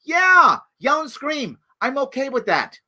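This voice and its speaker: A middle-aged man giving impassioned solo commentary as a talk show host, emphatic and preachy, dropping from outrage to low pleading. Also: sing-song, a little slow. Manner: emphatic and preachy, jumps from loud outrage to low hushed pleas.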